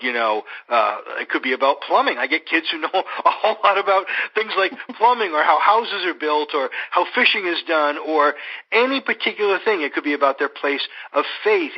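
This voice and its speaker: A man, a clinical psychologist, answering interview questions in a measured, explanatory way, often slipping in "you know". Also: fairly high pitch, breathy edge. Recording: dull lo-fi audio.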